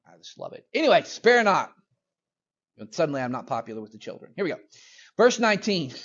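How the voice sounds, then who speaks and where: A man's voice: fairly high pitch, slightly rough, dull audio. A man teaching a Bible lesson in a conversational, emphatic way, mixing scripture reading with casual asides.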